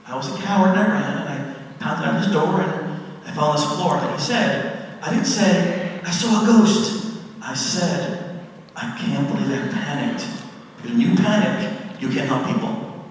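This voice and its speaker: Brief: somewhat high-voiced man, dramatic live storyteller, heard from a distance in a big echoey hall. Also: normal speed. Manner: dramatic, animated retelling with acted-out exclamations. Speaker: paranormal speaker. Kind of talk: live storytelling talk to an audience. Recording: echoey hall, mic far off, faint noise.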